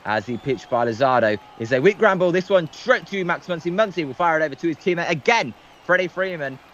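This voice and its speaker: A man's voice: a little high, expressive, fairly quick, a bit bright, lo-fi sound, slight background noise. A man calling baseball play-by-play on a livestream, hesitant and full of filler ums. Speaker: guest play-by-play commentator.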